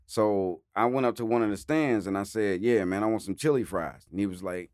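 Laughing frequently and doing voices for the people in his anecdotes, this animated guest spins casual road stories. He speaks a little fast in a lowish voice, with clean, echo-free studio sound.

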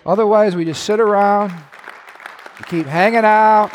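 A male pastor preaching an animated sermon, acting out quoted voices and breaking into shouts. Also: sits high, normal speed, a faint crowd, slight background noise.

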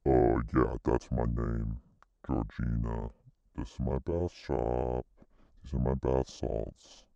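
Man as a shop owner lady, slow, rambling improv; rock-bottom gravelly voice, muffled dry sound. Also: a bass voice, fairly even intonation, mellow, no room sound, heavily acted. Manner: halting, rambling improvised speech. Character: deep-voiced female bath shop owner, prim.

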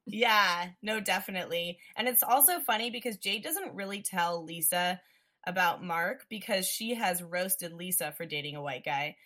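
A woman talks through a film in easy, casual chat. Her voice is bright and forward, and she keeps slipping into animated quoted lines from the characters. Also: fairly low pitch, moderate pace.

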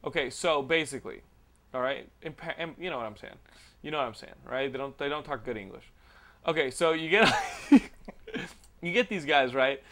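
Man, podcast host, bright clear voice, rambling joking banter. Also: medium pitch, fairly quick. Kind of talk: casual podcast chat.

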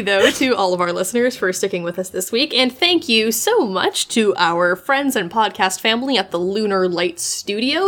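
A woman's voice: medium pitch, fairly bright tone. A woman co-hosting a podcast in casual chat, enthusiastic and giggly, reading out show credits. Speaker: podcast co-host.

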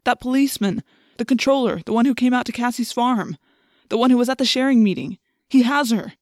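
A woman's voice: fairly high pitch, brisk, darkish tone, no echo, studio quality, voice pushed up, close to an everyday voice. A woman voicing a tough teenage girl in an audiobook, talking in an urgent, stammering way. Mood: alarmed.

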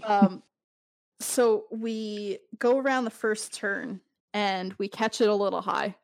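A woman hosts a casual podcast chat and spins a long story, doubling back and restarting her sentences as she goes. Her voice sits at an ordinary middle pitch, recorded close and dry with no room sound. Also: steady tone, slow pace, no room sound, rough recording. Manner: rambling storytelling with many restarts.

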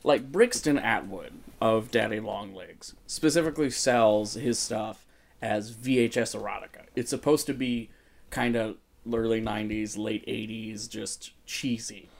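A man's voice: on the low side, fairly even intonation, measured pace, gravelly. A man hosting a casual comedy podcast from a studio, joking, laughing often and swearing through the banter. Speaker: podcast host.

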